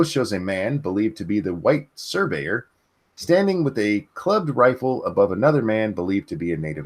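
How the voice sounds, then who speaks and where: A man hosts a live stream and reads a news story aloud. His pitch swings widely, and he stumbles and corrects himself as he goes. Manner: halting reading with restarts and self-corrections. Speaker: show host. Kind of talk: reading news stories on a livestream.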